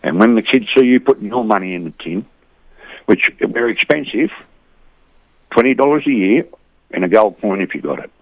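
A middle-aged Australian man with a lowish voice talks in a loose, rambling way, throwing "mate" into almost every line. The sound is dry and a bit muffled, with no room around it. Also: expressive, normal speed, pauses often, dry recording. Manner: rambling, says "mate" constantly, blokey banter. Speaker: boxing community volunteer, interview guest. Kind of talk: casual interview chat.

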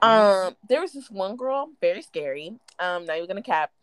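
A young woman spins gossip stories on a casual podcast, her voice leaping high and low as she acts out everyone's lines. The sound is dry and close, with no room around it. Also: lively intonation, normal speed, clear, resonant tone, no room sound. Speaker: podcast co-host. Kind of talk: casual chat, storytelling.

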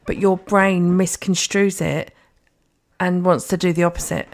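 Young woman with a slightly low voice, blunt and sweary; casual podcast co-host. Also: fairly even intonation, measured pace. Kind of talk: casual chat.

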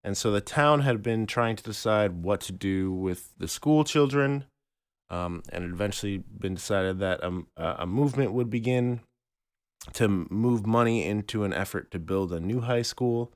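A man co-hosting a casual podcast chat about art history, explaining in a halting way with many restarts. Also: fairly low pitch, no echo, studio quality. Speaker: podcast co-host.

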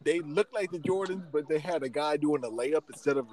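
A man's voice: a little high, a little fast, a loud crowd, rough recording. A man hosting a podcast, telling stories in casual chat and laughing often. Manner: animated storyteller, laughs often. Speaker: podcast host.

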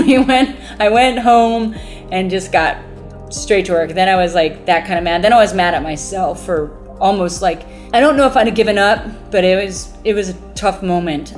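A woman, the founder of a mobile book bus, telling her story in an interview, animated and laughing as she acts out what people said. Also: fairly low pitch.

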